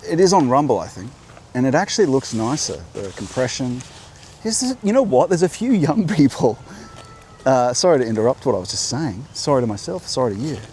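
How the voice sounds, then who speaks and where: A man's voice: fairly high pitch, a little mellow, a little hiss or hum. Rambling man on a coastal walk. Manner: rambling, musing, self-interrupting. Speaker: host. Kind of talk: walking vlog monologue. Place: outdoor coastal walk by a beach. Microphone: clip-on mic.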